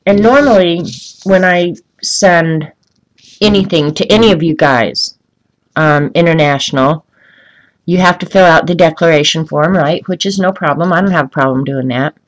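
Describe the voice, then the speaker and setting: A woman's voice: fairly low pitch, moderate pace, poor audio. A woman hosting a casual live stream while coloring, chatting and ranting, answering viewers by name. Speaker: livestream host coloring art.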